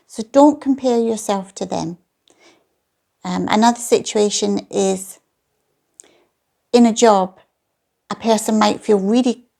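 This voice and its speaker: A middle-aged woman talks gently about self-care, slowing down and repeating her main points. Her voice is mellow and low in brightness, with a noticeable gravelly fry at the ends of phrases. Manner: calm, reassuring, repeats key points slowly. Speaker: lifestyle channel host.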